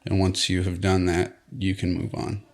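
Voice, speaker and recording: Halting, deep-voiced reserved father. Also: completely flat delivery, vocal fry, darkish tone. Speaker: father of guests. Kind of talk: interview answer.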